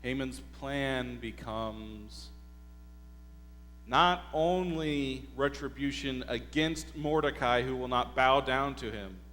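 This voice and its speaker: Slow-paced pastor in a reverberant church. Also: male voice, medium pitch, fairly bright tone. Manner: slow, deliberate storytelling with rhetorical questions to the congregation. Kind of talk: sermon. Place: church sanctuary. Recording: hall reverb with faint mains hum.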